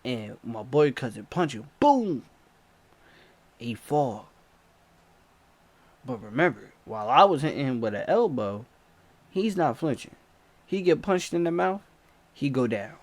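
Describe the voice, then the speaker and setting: A man telling a story in casual storytime narration, animated, with loud yells and sound effects. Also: mid-range voice, unhurried, long pauses, no echo. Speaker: storyteller, channel host.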